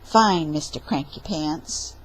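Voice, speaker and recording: A woman's voice: deep voice, expressive, slow pace, breathy edge, pitched below the performer's own voice, exaggerated voice, rough recording. A woman voicing a cheeky, whiny young man who talks back with sassy remarks.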